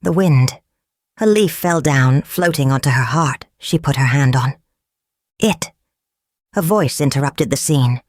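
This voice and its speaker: A woman narrating a storybook in a slow, measured reading. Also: extremely low pitch, darkish tone, no room sound, studio quality.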